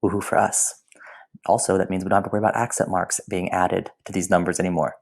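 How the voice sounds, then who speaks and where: A man's voice: low-pitched, level tone, rapid-fire, creaky. A man teaching a recorded language lesson in a playful way, with whispered asides. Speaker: Spanish teacher.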